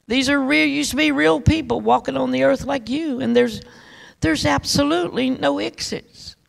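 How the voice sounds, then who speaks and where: Gravelly woman preaching an emphatic testimony. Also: high voice, normal speed. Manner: emphatic, repetitive storytelling. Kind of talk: testimony sermon.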